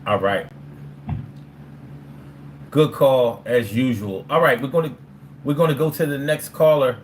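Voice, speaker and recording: A man's voice: mid-range voice, a little slow, a little hiss or hum. A man from hosting a live call-in show, chatting loosely and freestyling a swearing rap battle with a caller. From Philadelphia. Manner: loose, swearing, playful trash talk.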